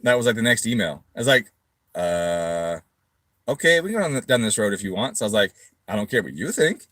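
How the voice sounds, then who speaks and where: A middle-aged man telling a story casually to camera, swearing freely and acting out his own quoted replies loudly. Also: on the low side, big pitch swings, fairly quick, dry recording. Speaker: tuning shop owner.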